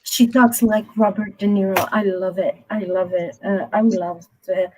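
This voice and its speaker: A woman's voice: mid-range voice, fairly even intonation, normal speed, a little mellow, a little hiss or hum, rough recording. Brazilian woman explaining earnestly. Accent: Brazilian, Rio de Janeiro. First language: Portuguese. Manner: earnest, explaining, repeats herself. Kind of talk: casual chat.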